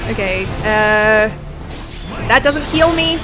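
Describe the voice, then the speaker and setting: A woman's voice: fairly high pitch, expressive, takes it slowly, over music, rough recording. A woman from Australia with an American accent, chatting bluntly and swearing freely while she plays a game on a live stream. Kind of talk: casual live-stream chat while gaming.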